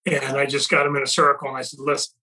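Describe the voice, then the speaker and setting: A man's voice: mid-range voice, little pitch movement, rapid-fire, sharp tone, poor audio. A man hosting a podcast, talking earnestly and reflectively in a casual conversation, often restarting his sentences. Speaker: podcast host and company leader.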